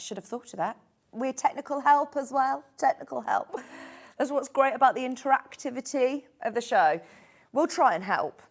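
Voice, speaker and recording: A middle-aged woman presenting a live TV shopping show in a studio, chatty and enthusiastic as she gushes over products. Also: on the high side.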